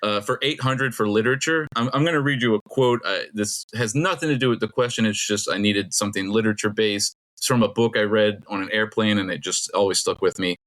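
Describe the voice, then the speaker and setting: Man, middle-aged, quiz host, casual podcast, rambling, laughs a lot, lowish voice. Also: a bit bright. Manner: rambling, laughs often, reads clues slowly.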